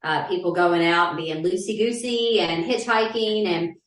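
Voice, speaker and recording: A woman, co-hosting a casual podcast, blunt and animated. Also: normal speed, echoey room, distant mic. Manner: animated, swinging pitch, blunt and profane. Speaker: podcast co-host. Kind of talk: casual chat.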